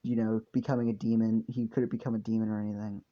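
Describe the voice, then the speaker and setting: A man's voice: on the low side, level tone, fast. A man telling a fan story casually, rambling and swearing with lots of fillers. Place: hot room indoors. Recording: dull lo-fi home recording.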